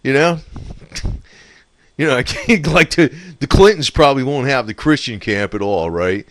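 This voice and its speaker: A man's voice: medium pitch, animated, moderate pace, fairly bright tone. A man in a rambling, profane casual monologue, laughing often and talking with loose scorn. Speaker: political commentator.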